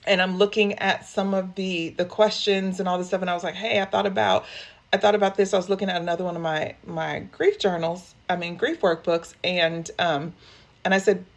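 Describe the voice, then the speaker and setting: A woman who works as a grief counselor, speaking candidly and emotionally to her viewers and often calling them y'all. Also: mid-range voice. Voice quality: emotional, open, addresses listeners as y'all. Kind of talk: candid personal talk to viewers.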